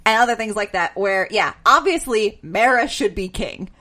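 A woman's voice: mid-range voice, lively intonation, moderate pace, sharp tone. A young woman co-hosting a casual podcast chat, teasing the others in a dry way. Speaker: podcast co-host.

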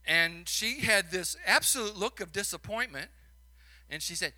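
High, sharp-voiced Chicago preacher. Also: male voice, lively intonation, moderate pace. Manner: storytelling preacher, builds to emphatic peaks with folksy asides. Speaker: minister. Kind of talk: sermon.

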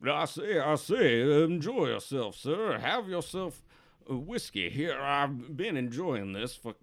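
A man voicing a chatty old man at an inn bar, slow and formal, repeating himself as he drinks whiskey. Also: fairly high pitch, big pitch swings, heavily acted. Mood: genial.

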